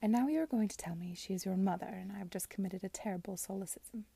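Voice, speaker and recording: A man's voice: sits high, quick pace, creaky, mellow, husky, full character voice. A woman reading aloud as a worldly, amused lady in her early forties, dry in manner, in a storybook reading.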